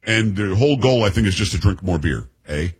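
A man's voice: on the low side, lively intonation, fast, husky, rough recording. Chatty American man hosting a talk show. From United States. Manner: chatty, restarts, sarcastic asides. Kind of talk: casual political commentary.

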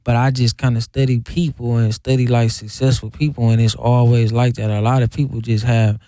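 A man's voice: mid-range voice, little pitch movement, fairly quick, dark tone, no echo, studio quality. A man talking casually as a radio guest about his work, often asking "you know what I'm saying". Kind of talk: casual interview chat.

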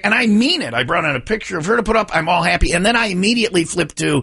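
A man's voice: sits high, lively intonation, rapid-fire, gravelly, few pauses, bright, forceful tone, husky, dry recording, studio quality. A man hosting a morning radio show, telling rambling, self-mocking stories in casual banter.

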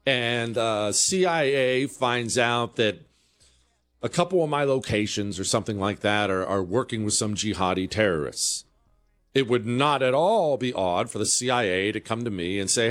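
A middle-aged man holding forth as a talk radio host. His pitch swings widely from low grumbles to high incredulous peaks, and he fires off sarcastic rhetorical questions in an opinionated monologue. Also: lively intonation, moderate pace, a bit bright.

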